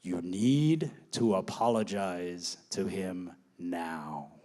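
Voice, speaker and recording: A man voicing a calm, grave female spiritualist, speaking low, slow and hushed. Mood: solemn.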